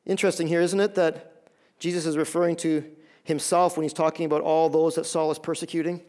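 A man's voice: fairly high pitch, flat delivery, fairly quick, a little mellow. A man preaching a sermon as pastor, emphatic, often repeating a word as he starts a phrase.

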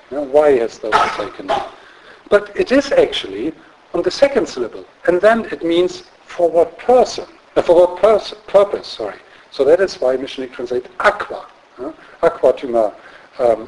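A man giving an academic lecture in a measured, explanatory way, often checking in with tag questions and filling pauses with um and uh. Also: a little high, darkish tone, low-quality recording. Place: lecture room.

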